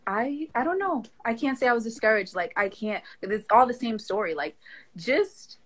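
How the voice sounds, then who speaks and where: A woman's voice: a little high, moderate pace, poor audio. Laughing, slangy woman in her twenties. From Haitian family. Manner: animated, laughs often, slangy. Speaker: guest. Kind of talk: casual chat.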